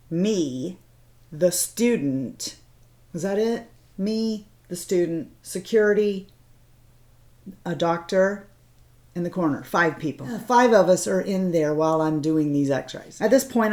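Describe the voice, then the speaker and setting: Middle-aged woman with a low voice, chatty and rambling, does makeup while she talks. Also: darkish tone. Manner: chatty, emotional, rambling with fillers. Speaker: beauty vlogger, former X-ray tech.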